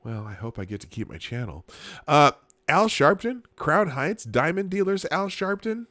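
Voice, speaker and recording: A man's voice: a little high, lively intonation, measured pace, fairly bright tone, no room sound, clean studio sound. Minnesota guy w doing a live news chat show, sarcastic, laughs a lot, lots of ums. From Minnesota, USA. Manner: chuckling, sarcastic asides, frequent filler restarts. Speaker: live stream host. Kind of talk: casual live commentary reading chat and news.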